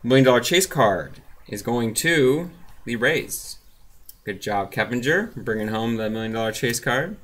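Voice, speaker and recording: Laid-back guy slowly calling out baseball cards at his table, bit of faint background noise. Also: on the low side, a bit bright. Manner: laid-back, reads off player names and teams with asides. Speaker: card collector opening packs. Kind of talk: casual running commentary.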